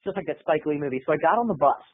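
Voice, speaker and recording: A man's voice: fairly high pitch, animated, racing, slightly rough, dry recording. A man telling a comedy story in an over-the-top, dramatic way, addressing his viewers. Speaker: comedy video blogger. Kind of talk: comic storytelling monologue. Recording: tinny, phone-like, dry sound.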